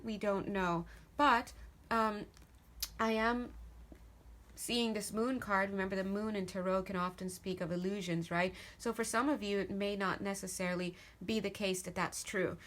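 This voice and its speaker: A woman with a mid-range, fairly bright voice gives her viewers a casual tarot reading at normal speed, her intonation fairly even. She rambles chattily, laughing often and wandering into asides.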